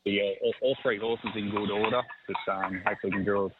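Man, horse trainer, flat low voice, tinny phone line, faint hiss. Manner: halting, repeats words, easygoing. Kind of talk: phone interview.

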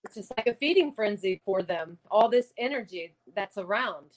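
A woman telling a ghost encounter in an interview, halting and repeating words, laughing between lines. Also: medium pitch, lively intonation, a crowd in the background. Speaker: paranormal investigator guest. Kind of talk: casual storytelling interview.

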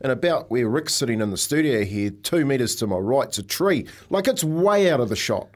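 A man's voice: medium pitch, expressive, moderate pace. A man co-hosting a radio show in a studio, telling golf anecdotes in casual chat and laughing often as he goes. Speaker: radio co-host.

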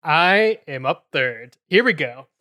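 A man hosting and moderating a podcast debate in a brisk, wry, organized way. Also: a little high, lively intonation, pushed and bright. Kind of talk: hosting a debate, casual chat.

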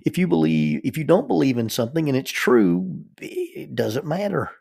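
A man's voice: a little high, expressive, moderate pace, gravelly, darkish tone, husky, dry recording, clean studio sound. An American man, a counselor and minister, telling a personal story in a casual, rambling way and often repeating words as he thinks aloud. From United States.

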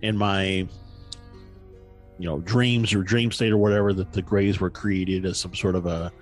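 A man's voice: sits low, steady tone, moderate pace, soft background music. A man on a podcast casually retelling a story in a rambling way, with many fillers and restarts.

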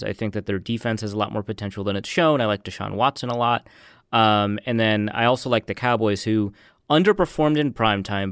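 A man talking as a guest analyst on a sports show, measured and analytical, hedging his points. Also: fairly low pitch, a bit bright, clean tone, dry recording, clean studio sound.

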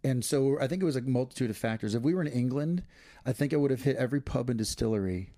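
A man's voice: medium pitch, fast, mellow, no echo. A man co-hosting a casual couple's podcast, talking earnestly and reflectively, often restarting his sentences. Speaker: podcast co-host.

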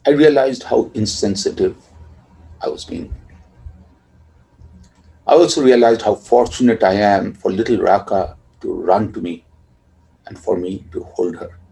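Reflective dad, gravelly low voice, soft and quiet at line ends. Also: male voice, a little slow, long pauses, poor audio. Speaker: father telling a family story. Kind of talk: personal storytelling.

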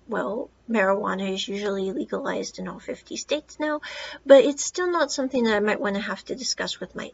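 Woman podcast host, casual film reviewer, rambling asides, muffled lo-fi recording. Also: on the high side. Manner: chatty, rambling retelling with asides.

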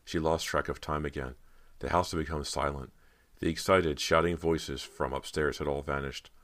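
A man reading a horror audiobook in steady, dramatic scripted narration. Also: extremely low pitch, normal speed.

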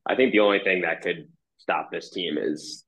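Deep, bright-toned young man. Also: moderate pace, gravelly, breathy edge, rough recording. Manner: relaxed, uses many fillers. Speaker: podcast guest. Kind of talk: casual sports chat.

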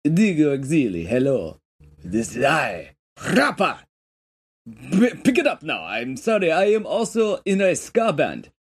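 Comic bit: co-host plays a hammy boastful poisoner, lively up-and-down pitch. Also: a little slow, slightly rough, heavily acted. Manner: boastful, over-the-top.

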